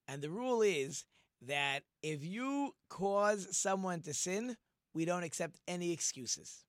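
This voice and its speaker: A man with a rather high voice gives an informal Torah lesson. He talks in an animated way and acts out quoted speech in different voices. The recording is dry and close. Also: a little slow, no echo. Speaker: Torah teacher.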